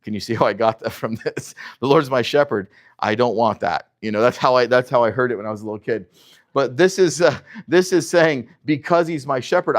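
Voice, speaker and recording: Emphatic man teaching a Bible class. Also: medium pitch. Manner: animated, emphatic, with many restarts and filler words.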